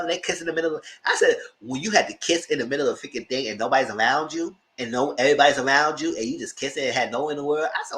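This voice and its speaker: A man's voice: rapid-fire, hardly any pauses. A man hosting a channel, recapping TV episodes in casual, gossipy commentary, swearing freely and jumping into squealed exclamations. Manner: animated, gossipy retelling with frequent swearing; breaks into high squealing exclamations. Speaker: TV show reviewer and channel host.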